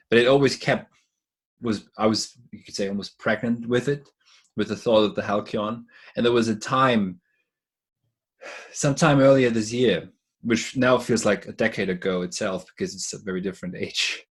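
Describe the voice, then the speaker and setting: A man with a low, husky voice talks as a podcast guest over a remote call. He explains ideas thoughtfully, stumbling and restarting his words now and then as he builds a point. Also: fairly even intonation, normal speed. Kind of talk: casual conversation.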